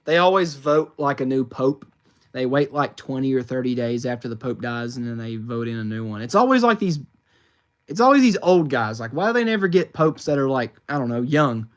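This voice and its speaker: A man's voice: mid-range voice, animated, fairly quick. Chatty rambling young man streaming. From United States. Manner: chatty and rambling, many fillers and restarts, reads chat questions aloud. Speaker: livestreamer reading chat. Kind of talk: casual livestream chat. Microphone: phone.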